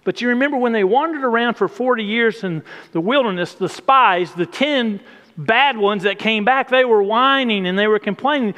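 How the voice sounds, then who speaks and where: A man delivers a sermon from the pulpit, his fairly high voice rising on emphatic, repeated phrases. The sound carries the long reverb of a church sanctuary. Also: normal speed, bright, forceful tone. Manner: emphatic, repetitive preaching cadence. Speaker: pastor.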